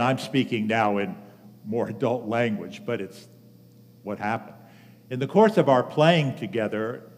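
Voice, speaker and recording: A man in his seventies giving a sermon as pastor, telling a personal story earnestly with measured pauses. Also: medium pitch, a little mellow. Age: 70s. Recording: long reverb of a large hall.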